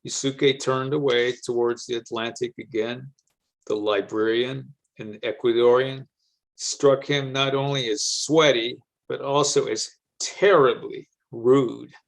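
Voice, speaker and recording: A man reading a story aloud in a steady, matter-of-fact narrating style. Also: medium pitch, measured pace, creaky. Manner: even, matter-of-fact narration with casual slang in dialogue.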